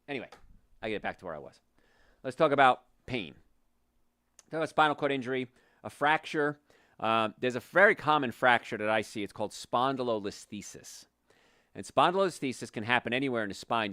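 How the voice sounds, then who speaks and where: A man's voice: mid-range voice, dry recording, studio quality. A male chiropractor hosting a health talk show, speaking passionately and bluntly, getting worked up and then reining himself in. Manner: passionate, opinionated, gets worked up then calms down.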